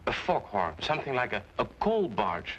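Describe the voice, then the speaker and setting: An actor playing a nervous, frightened French interpreter who stammers and hesitates, in a 1950s TV drama. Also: male voice, medium pitch, very animated, moderate pace, fairly bright tone, lo-fi sound. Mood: anxious. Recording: old TV soundtrack with faint hiss.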